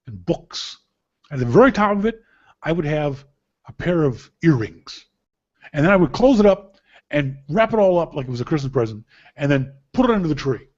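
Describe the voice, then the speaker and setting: A man hosting a podcast, chatting casually and telling joking, animated stories about holiday gifts. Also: sits high, lo-fi sound. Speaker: podcast host. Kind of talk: casual gift-guide chat.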